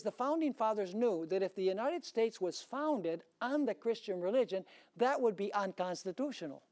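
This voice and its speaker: A man's voice: sits high, a little mellow. A male pastor preaching a sermon emphatically, throwing rhetorical questions at his congregation.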